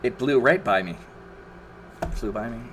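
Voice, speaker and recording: A man's voice: medium pitch, moderate pace, noisy background. A man commentating his own gameplay on a live stream, exasperated, swearing and groaning at the game.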